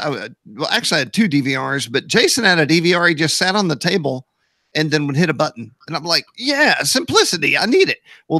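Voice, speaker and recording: Gravelly jokey man chatting. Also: a little high, sharp tone, no echo, clean studio sound. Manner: jokey, rambling storyteller. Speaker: co-host. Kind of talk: casual chat.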